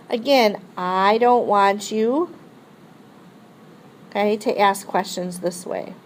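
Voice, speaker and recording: In a rough recording with a bit of hiss or hum, a woman teacher works through a French grammar lesson step by step, modeling phrases for students to repeat. Her voice is medium-pitched and a little slow. It's a recorded classroom lesson.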